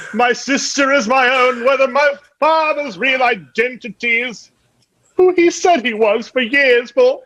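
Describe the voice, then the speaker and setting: A man's voice: extremely high pitch, a little mellow, dry recording, highs cut off, full character voice. A man playing a panicked young man locked in a tomb in an improv scene, muttering frantic self-talk that turns into a mock-Shakespearean speech.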